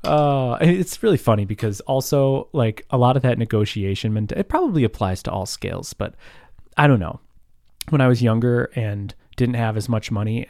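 A man in his thirties telling stories in a relaxed, rambling chat, full of fillers and quick laughs. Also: lowish voice, dry recording, clean studio sound. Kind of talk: casual storytelling chat.

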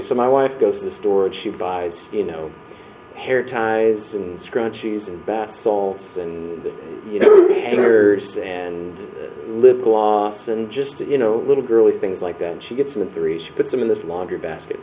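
A man's voice: fairly low pitch, unhurried, slight background noise. Storytelling man, tinny phone-like sound. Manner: conversational, restarts and acts out quotes. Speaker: breakout session speaker. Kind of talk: storytelling church workshop talk.

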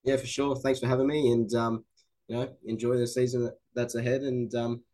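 A man's voice: medium pitch, flat delivery, brisk, mellow. An Australian man co-hosting a casual sports podcast, laid back and agreeable, answering in short replies. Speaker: podcast co-host. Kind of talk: casual chat.

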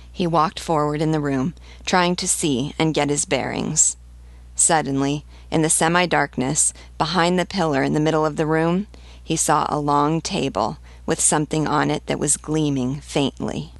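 A woman teacher reading a novel aloud in a measured, steady way. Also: low voice, creaky, no room sound.

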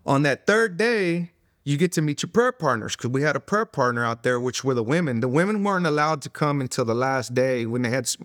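An earnest middle-aged man recounts his story in a conversational interview. His voice sits in a middle range and sounds dry and close, with no room around it. He fills his talk with "you know" and drops almost to a hush at the moments that matter most. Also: mid-range voice, no room sound. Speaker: interviewee telling his testimony. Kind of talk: conversational testimony. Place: recorded interview in a studio room.

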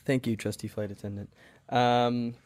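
A man's voice: mid-range voice, fairly even intonation, moderate pace, darkish tone, no room sound. Playful male interviewer, dry sound. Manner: playful, laughing easily. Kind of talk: casual interview.

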